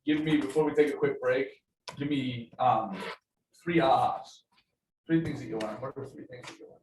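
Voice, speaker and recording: A man's voice: mid-range voice, normal speed, darkish tone. A man leading a group training session, upbeat and coaching, asking the room for input. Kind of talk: lively group training talk. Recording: roomy echo, distant mic, faint noise.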